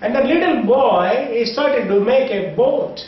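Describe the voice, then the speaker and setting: Brief: earnest Indian preacher, high voice, dramatic storytelling, far from the mic in an echoey space. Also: male voice, expressive, a little slow. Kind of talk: sermon storytelling. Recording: echoey, distant, dull.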